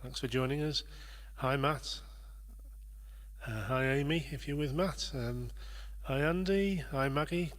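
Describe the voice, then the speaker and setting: A man's voice: mid-range voice, unhurried, fairly bright tone. A man hosting a livestream, chatting casually and rambling a little as he greets viewers by name. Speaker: livestream host and performer.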